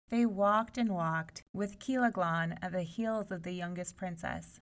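Expressive woman reading a fairy tale. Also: lowish voice, unhurried. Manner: expressive, animated voices. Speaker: storyteller. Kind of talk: fairy tale read aloud.

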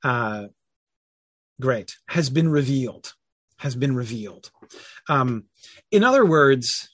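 A man's voice: medium pitch, animated, takes it slowly, fairly bright tone, dry recording. A man leading a casual online Bible study, thinking aloud with many fillers and self-corrections and answering chat comments.

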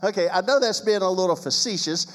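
A man's voice: high voice, fast, fairly bright tone, in a large hall. A man who is a pastor, speaking about marriage in a preaching style with emphatic, sarcastic asides.

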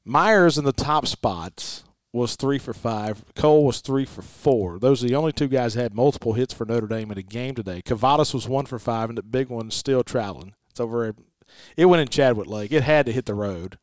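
A man hosting a sports talk show, chatting casually about a baseball game and reading the stats in a folksy, animated way. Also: medium pitch, a little fast, dry recording. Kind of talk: casual sports podcast chat.

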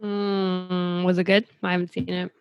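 Laid-back, teasing woman co-host with a gravelly, unhurried voice. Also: on the low side, level tone, dry recording, dull audio. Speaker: podcast co-host. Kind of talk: casual chat.

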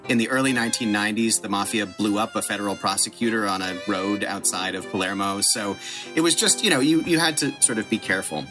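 A middle-aged man, a podcast guest telling an animated, self-deprecating story and laughing at himself. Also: lowish voice, quick pace, over music. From United States.

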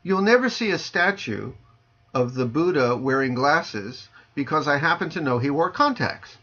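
Lively playful man on a muffled call. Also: normal speed. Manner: dry joking, playful sing-song delivery, drops low on punchlines. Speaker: Zen teacher answering listener questions. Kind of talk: casual podcast chat over a video call. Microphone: video call. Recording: lo-fi video call audio.

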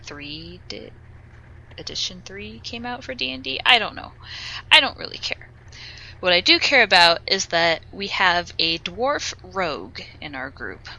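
A young woman on a casual podcast, her voice bright and tense with a cutting edge. She rants with gusto and swears freely. She sits a little lower in pitch than most women. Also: measured pace, creaky, dull audio. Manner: animated ranting storyteller, swears freely. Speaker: podcast co-host.

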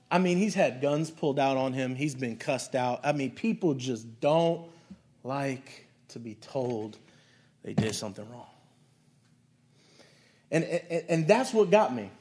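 A man's voice: mid-range voice, expressive, takes it slowly, long pauses, a little mellow. A man preaching a sermon as a pastor, speaking to his church in a conversational, storytelling way.

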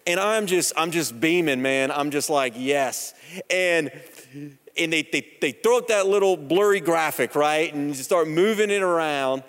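A man's voice: on the high side, normal speed, a bit bright, smooth. A man in his thirties preaching a sermon in a church, telling a personal story in a conversational, joking way. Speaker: pastor. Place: church sanctuary. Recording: long hall reverb.

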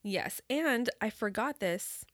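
A young adult woman co-hosting a podcast in casual chat, laughing easily and giving quick short replies. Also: fairly high pitch, animated, no echo, studio quality. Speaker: podcast co-host.

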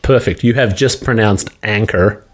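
A man's voice: on the low side, normal speed. A man, co-hosting a casual podcast and teasingly coaching others on pronunciation. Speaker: podcast co-host. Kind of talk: casual chat.

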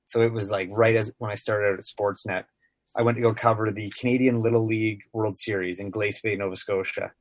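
A sports broadcaster in his thirties, appearing as a podcast guest, rambles through casual stories with lots of filler words. His voice is lowish, level and fairly quick, with no echo.

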